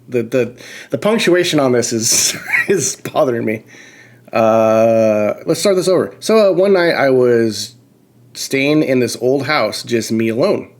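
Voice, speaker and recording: A man of middle pitch hosts a podcast, reading a story aloud in an offhand, disbelieving tone. He swears freely, trips over the words and keeps breaking off to poke fun at the writing. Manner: incredulous, swears often, breaks off to comment and laugh. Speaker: podcast host.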